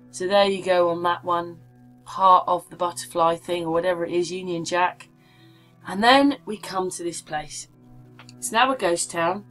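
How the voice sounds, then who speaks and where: A woman vlogger talking casually and meanderingly while showing maps, often asking the viewer what they think. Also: fairly low pitch. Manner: chatty, meandering, asks the viewer questions. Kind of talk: casual rambling commentary over maps.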